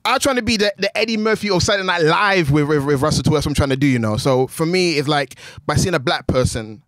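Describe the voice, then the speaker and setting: A young man with a London accent talks at a rapid clip into a close microphone that picks up almost no room. His delivery is animated and loose, peppered with street slang. The sound is dry and intimate. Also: on the high side, dry recording. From England. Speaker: guest, wrestling news presenter. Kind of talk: casual podcast chat.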